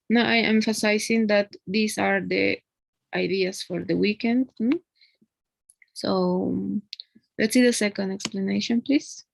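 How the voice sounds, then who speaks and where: A woman's voice: mid-range voice, creaky, dry recording, rough recording. A woman teaching an English grammar lesson one on one, explaining patiently and often checking in with a tag question.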